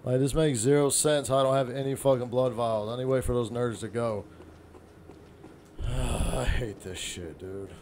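A man casually commentating on his first playthrough of a game, swearing often and reacting loudly to sudden threats. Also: mid-range voice, fairly even intonation, fairly quick, few pauses, slight background noise. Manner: profane, jumpy reactions to the game. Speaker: gaming channel host. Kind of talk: let's play commentary.

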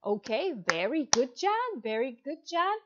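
A woman in her thirties teaching English to a young child, drawing each word out slowly and heaping on praise. Her fairly high voice swoops up and down with big energy, and the recording sounds dull and lo-fi. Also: big pitch swings, noisy background. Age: 30s. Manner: slow, exaggerated, encouraging teacher talk with lots of praise. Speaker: ESL teacher. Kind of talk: demo online lesson for a child.

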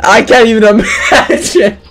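A young man giving loud, excitable live commentary on a game he is playing, joking crudely and often shouting. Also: high voice, unhurried, slight background noise. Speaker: gaming video creator.

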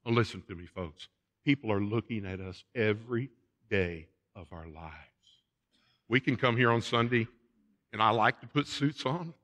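A man's voice: lowish voice, normal speed, fairly bright tone. A man pastor delivering a sermon in a church, emphatic and repeating phrases for stress. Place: church sanctuary.

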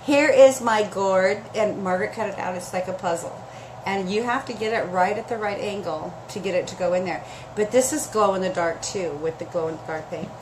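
A woman's voice: mid-range voice, a little fast. A woman hosting a chatty live sale stream, gushing and emotional as she talks straight to her viewers, her throat scratchy and dry.

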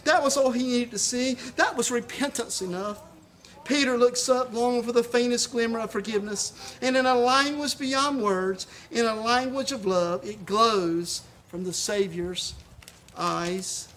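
An impassioned pastor preaching a sermon recorded for a church live stream. The delivery is emphatic, swinging between stirring highs and hushed, reverent lows, and the words often stumble into repeats. A faint hiss sits under the voice. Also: measured pace.

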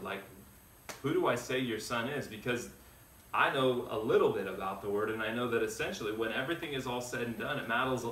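A man's voice: mid-range voice, pushed and bright, distant mic, a little hiss or hum. Guy pastor doing a bible study, chatty, restarts a lot, acts out the quotes, sounds a bit off-mic in an echoey room. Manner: conversational, thinking aloud with many restarts and "like"; acts out dialogue in quoted voices.

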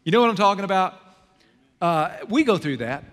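Lively pastor in a reverberant church. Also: male voice, high voice, fairly quick. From American South. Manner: lively, swings from loud to hushed. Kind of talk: sermon. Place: church sanctuary. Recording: long hall reverb in a church sanctuary.

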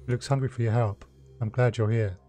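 A man's voice: mid-range voice, fairly even intonation, dark tone, soft background music, natural voice. Man reading as an icy, wealthy elf patriarch. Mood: cold. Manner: icy, measured and commanding. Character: cold, formal, wealthy elf father.

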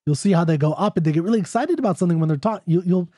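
A man lecturing on poetry in a loose, talky way, getting excited as he goes. His voice sits a bit high for a man but sounds mellow and dark. The sound is dry and close, with no room in it. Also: racing, no room sound. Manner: excitable, talky, reads quotes aloud. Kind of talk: off-the-cuff lecture.

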